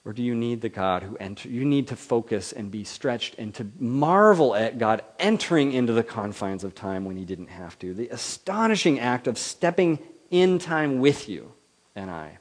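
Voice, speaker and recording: A man preaching a sermon in a lively manner, swinging between loud declarations and soft, quiet asides, then leading a prayer. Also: mid-range voice, moderate pace. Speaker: pastor.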